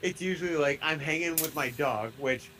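A man's voice: fairly high pitch, normal speed, heavy background noise. Rambling Midwestern man podcasting. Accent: Midwestern American. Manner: rambling, laughing, lots of fillers. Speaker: podcast co-host. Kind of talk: casual podcast chat.

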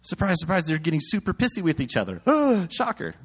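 Man, thirties, lively swooping delivery; casual scripture reading with comic, exasperated commentary. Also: sits high, brisk, slightly rough. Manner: animated, jokey, exasperated asides.

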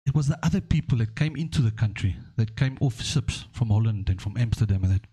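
A man's voice: fairly low pitch, lively intonation, fast, dark tone, breathy edge. A man hosting a podcast, rambling through stories and history while checking in with "okay?". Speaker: podcast host. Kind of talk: casual podcast discussion.

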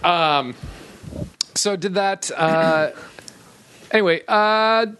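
High-voiced man telling a rambling story. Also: pushed and bright, slight background noise. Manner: rambling, profane, halting restarts. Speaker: comedy podcast co-host. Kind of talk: casual storytelling chat.

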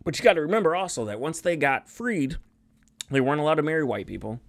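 A man's voice: fairly high pitch, very animated, fast, creaky. A young man co-hosting a casual podcast. He rambles and swears, often stopping partway through a sentence to start it again. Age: young adult. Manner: rambling, profane, restarts mid-sentence. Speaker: podcast co-host. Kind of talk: casual chat.

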